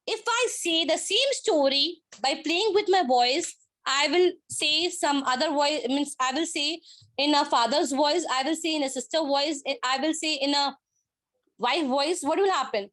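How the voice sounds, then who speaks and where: A woman's voice: high-pitched, a little slow, a bit bright. A woman with an Indian English accent giving a workshop presentation on speaking skills over a video call, in simple words, repeating her key points with emphasis.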